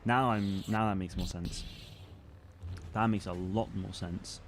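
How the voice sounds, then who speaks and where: Rambling young male streamer, low voice. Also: fairly even intonation, unhurried, slight background noise. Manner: rambling, many fillers and restarts. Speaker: streamer and channel host. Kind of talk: casual live-stream chat reading comments.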